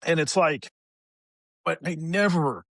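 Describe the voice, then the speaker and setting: A man sharing personal stories as a podcast guest in a casual, animated way, acting out the people he quotes. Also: on the high side, takes it slowly, dry recording. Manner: animated, acts out quoted voices in retelling. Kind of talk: casual conversational storytelling.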